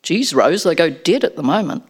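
A woman's voice: fairly low pitch, sing-song, normal speed, breathy edge. A woman reading the lines of a dry, easygoing young man in a storybook, with an offhand delivery.

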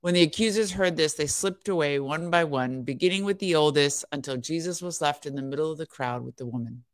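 A woman's voice: sits low, brisk, no room sound, clean studio sound. A woman co-hosting a devotional podcast, reading scripture aloud in an earnest voice and chatting casually between passages.

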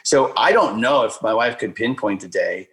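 A man telling a personal story in a casual conversation, animated and filler-heavy, acting out the voices he quotes. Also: fairly low pitch, moderate pace, low-quality recording. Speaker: guest speaker.

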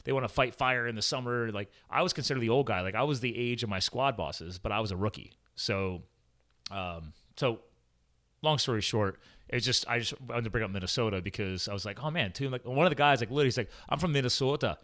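Fast-talking bright-voiced man, casual chat. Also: medium pitch. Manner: rambling, self-interrupting, quick to laugh. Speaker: podcast host, former hotshot firefighter.

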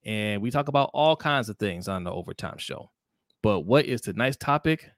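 A man hosting a casual sports talk show, animated and jokey, acting out quotes in high voices. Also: moderate pace, dry recording, clean studio sound. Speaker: podcast host.

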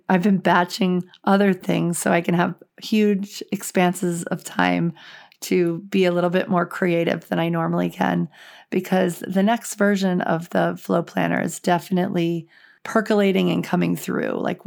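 A woman with a raspy, hoarse voice, hosting her podcast in a chatty, reflective monologue. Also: lowish voice. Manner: chatty and reflective, with frequent "like" fillers. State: hoarse, voice going. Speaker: podcast host.

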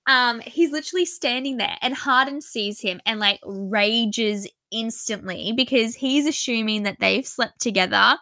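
A young woman chatting casually about a story, animated and exasperated, saying "like" a lot. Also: on the high side, unhurried, few pauses, no room sound. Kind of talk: casual book discussion chat.

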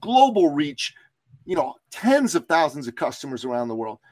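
A man from Iran talks as a business coach on a podcast, pushing his points with emphatic, slogan-like punch. His voice sits somewhat high for a man. The sound is dry and close, with no room echo. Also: sing-song, normal speed, a little mellow. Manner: emphatic, slogan-driven motivational talk. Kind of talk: motivational podcast interview storytelling.

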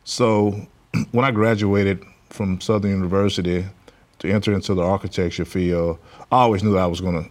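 Very deep-voiced man, halting answers. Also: steady tone. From Louisiana, USA. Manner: halting, many filler pauses. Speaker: guest, construction business owner. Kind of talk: interview answers.

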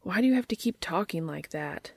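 A woman voicing a nervous, desperate adult man in a romance story, pleading in a breathy half-whisper. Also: fairly low pitch, animated, brisk, darkish tone, no echo, studio quality, exaggerated voice. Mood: agitated.

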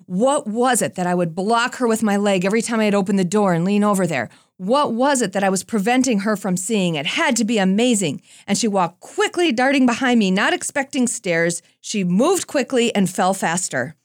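A woman giving a Christian talk, telling a personal story in a lively, conversational way with self-deprecating asides. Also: mid-range voice, moderate pace, hardly any pauses, no echo, clean studio sound. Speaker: Christian speaker.

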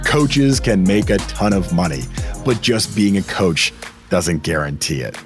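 A man's voice: low voice, big pitch swings, unhurried, music in the background. A man from Massachusetts hosting a career advice podcast, talking emphatically and putting rhetorical questions to his listeners. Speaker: podcast host.

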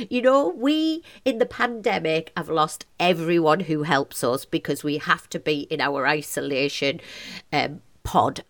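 A woman's voice: deep voice, fairly bright tone. A woman in her forties hosts a cheerful motivational podcast. She talks with bubbly passion and breaks into laughter often. She sounds chatty and upbeat. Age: 40s. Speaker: podcast host.

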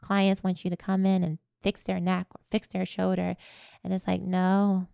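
Woman, gravelly voice, mellow tone, animated storytelling, dry sound. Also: fairly low pitch, normal speed, no room sound. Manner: animated, laughs while telling stories. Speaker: podcast guest. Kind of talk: personal storytelling in conversation.

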